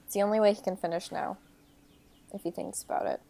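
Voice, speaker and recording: A woman co-hosting a podcast, recapping a movie with wry, deadpan remarks and steady "mm-hmm"s. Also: mid-range voice, fast, vocal fry. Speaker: podcast co-host. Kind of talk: casual movie-recap chat.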